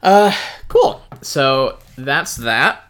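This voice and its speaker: A man's voice: medium pitch, lively intonation, drawn-out words, fairly bright tone. A man co-hosting a podcast in casual chat, easygoing, laughing often and hesitating with ums. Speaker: podcast co-host.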